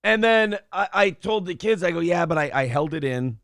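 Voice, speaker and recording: In a clean, echo-free studio recording, a middle-aged male co-host chats casually on a talk show at a normal pace. His voice is high, and he tells animated stories while cursing a lot.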